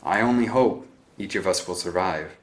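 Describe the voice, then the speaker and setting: A man's voice: low-pitched, moderate pace, lightly acted. Man voicing Simon, an imperious teen leader. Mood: grandiose. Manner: commanding, self-assured. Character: bossy 18-year-old boy team leader, cool and imperious.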